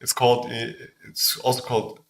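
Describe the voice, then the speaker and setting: A German-speaking man from Austria, with an Austrian German accent, chats distractedly on a livestream while working on a game. His mid-range voice is completely flat in delivery, creaky and a bit bright, at normal speed.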